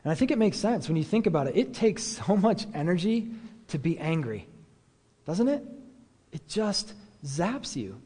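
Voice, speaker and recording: A pastor gives a relaxed, conversational sermon, with a lot of "like" and "um" and questions put to his listeners. His voice sits a little high for a man. A long reverb trails after each phrase, as if he were speaking in a big hall. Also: normal speed, breathy edge. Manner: casual, many fillers, rhetorical questions.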